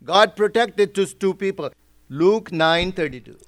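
A man's voice: sits high, lively intonation, a little slow. A man preaching as a pastor, explaining Bible verses step by step and asking rhetorical questions. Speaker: pastor teaching a Bible study. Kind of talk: sermon.

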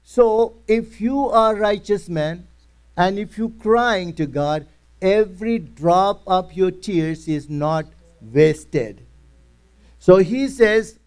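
Man, Bible teacher, slow clear delivery, higher voice, plain words. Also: a little mellow. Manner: retells scripture in first person, in simple plain English.

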